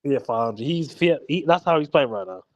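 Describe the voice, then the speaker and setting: A man's voice: medium pitch, lively intonation, fairly quick, dry recording. A young man bantering as a guest on a fan livestream, teasing and stumbling over repeated words.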